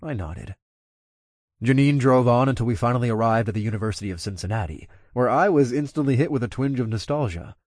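A man's voice: mid-range voice, a little fast, dry recording, studio quality. A man narrating an audiobook. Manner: steady, conversational storytelling. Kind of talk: first-person audiobook narration.

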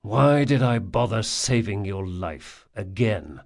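A man's voice: lowish voice, lively intonation, slow pace, gravelly, a little mellow, heavily acted. A man doing a blunt, scolding burly rogue. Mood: scolding, gruff. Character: gruff, blunt burly male thief.

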